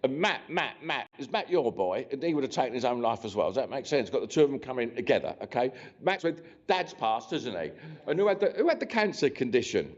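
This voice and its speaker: A man's voice: medium pitch, big pitch swings, brisk. A man giving a live mediumship demonstration in a church, chatty and joking with the congregation. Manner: chatty, joking, cheeky, restarts often. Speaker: spiritualist medium. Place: church hall. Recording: dull lo-fi sound.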